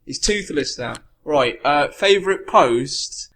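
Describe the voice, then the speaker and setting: A man on a podcast delivering crude jokes in a deadpan, sarcastic way. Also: a little high, slow. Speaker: podcast guest. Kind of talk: crude casual banter.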